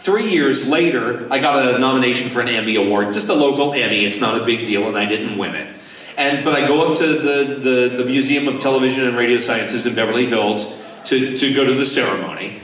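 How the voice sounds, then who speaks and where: A man in his sixties from Southern California, a voice actor telling lively stories at a convention Q&A panel on a handheld mic. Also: mid-range voice, brisk, slight background noise. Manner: lively, animated storyteller. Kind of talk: convention Q&A storytelling. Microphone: handheld microphone. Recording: echoey hall, voice from far off.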